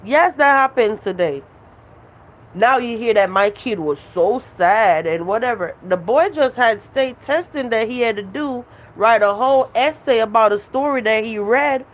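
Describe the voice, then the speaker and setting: A woman's voice: on the high side, animated, measured pace. A woman hosting her own live stream, venting at her critics in a casual, profane, emphatic way and repeating her points.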